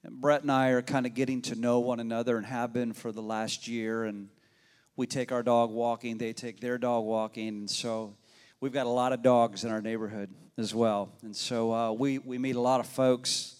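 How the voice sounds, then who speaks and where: A man preaching to his congregation in a relaxed, folksy way, mixing story and prayer. His voice sits at an ordinary middle pitch. The sound carries the long, ringing reverb of a large church hall. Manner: conversational, folksy, addresses the congregation directly. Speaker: pastor. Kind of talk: sermon with storytelling. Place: church sanctuary.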